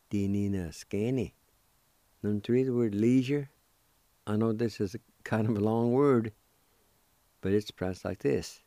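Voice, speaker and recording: A male radio host giving a vocabulary lesson, spelling and repeating each word deliberately. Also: on the low side, warm tone, no room sound. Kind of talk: slow spoken language lesson.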